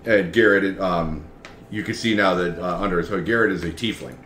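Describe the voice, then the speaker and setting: A man's voice: low voice, a little fast, a bit bright. A man narrating as game master, rambling with lots of fillers and chuckles. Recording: echoey room, faint background noise.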